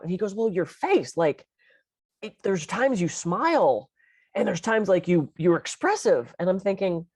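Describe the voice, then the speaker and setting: A middle-aged woman co-hosting a podcast in casual chat, an animated and expressive storyteller. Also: mid-range voice, moderate pace, husky, dry recording, studio quality. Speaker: podcast co-host.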